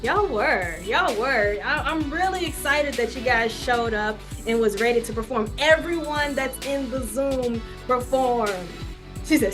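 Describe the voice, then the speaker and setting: A woman's voice: high-pitched, lively intonation, a little slow, over music. A woman acting coach wrapping up an online class in a chatty, upbeat way, repeating her words and laughing easily, on a video call. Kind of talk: casual encouraging wrap-up talk. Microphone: video call microphone.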